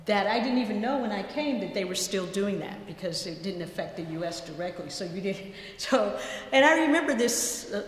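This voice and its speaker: A woman's voice: mid-range voice, animated, moderate pace. Woman lecturing in an echoey hall. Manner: conversational storytelling with asides. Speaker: guest lecturer. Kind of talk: academic colloquium talk.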